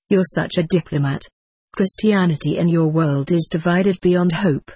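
A text-to-speech voice reading the lines of a calm female extraterrestrial teacher in an audiobook, with a flat, even synthetic delivery. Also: mid-range voice, husky, no echo, natural voice.

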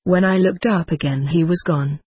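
A storyteller with a husky, breathy voice reads a translated first-person tale in an even, slightly stiff way. The sound is dry and close, with no room around it. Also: mid-range voice, normal speed, no echo. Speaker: narrator.

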